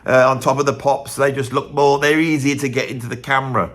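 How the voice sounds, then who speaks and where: A man's voice: mid-range voice, steady tone, a little fast, fairly bright tone. A man hosting his own channel, giving a rambling, chatty opinion monologue full of tag questions. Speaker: host.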